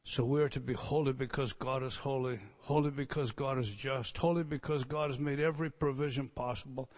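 A man preaching a sermon, earnest and emotional, dropping to quiet tender asides and rising to loud emphatic declarations. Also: medium pitch, fairly even intonation, a little fast. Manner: earnest and emotional, moved nearly to tears.

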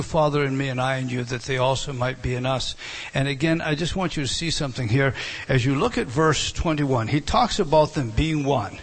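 A man giving a verse-by-verse Bible lesson, emphatic, with chatty asides to his class. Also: a little high. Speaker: Bible teacher.

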